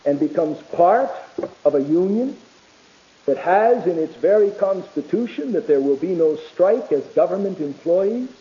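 A man preaching a sermon with emphatic delivery that swings between loud, rising peaks and quiet, low passages, sometimes reading quotations aloud. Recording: dull lo-fi recording.

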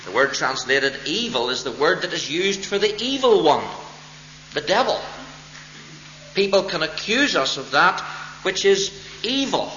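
A man preaching a sermon as pastor, expounding a text deliberately and stressing key words with emphatic rises. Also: on the high side, very animated, sharp tone, a little hiss or hum. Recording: roomy, dull lo-fi church recording.

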